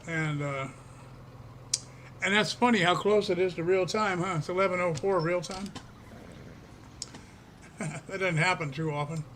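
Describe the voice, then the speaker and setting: An older man gives relaxed gameplay commentary in a folksy, chatty way. His voice sits high and sounds bright and forward. He takes his time and lets each thought unfold slowly. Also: a little hiss or hum. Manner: chatty and folksy, chuckling often. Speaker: streamer.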